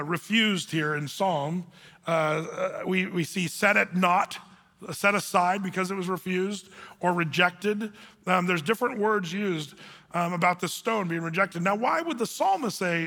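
A man preaching a sermon in an easygoing, folksy manner, his voice high and bright. It rings out with the long reverb of a big hall, as if recorded in a church sanctuary. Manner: folksy, conversational preaching with colloquial words. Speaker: pastor. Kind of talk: sermon, verse-by-verse Bible teaching.

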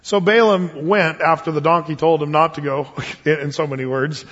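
A male pastor preaching an expository sermon, telling the story in an animated way with chuckles and asides, his voice husky. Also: a little high, normal speed. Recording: dull lo-fi sound with long hall reverb.

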